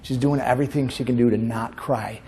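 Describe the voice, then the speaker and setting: A man giving a conference keynote as a comedian and motivational speaker. He moves between tender storytelling and animated comic bits. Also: mid-range voice, brisk. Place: conference hall. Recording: long hall reverb.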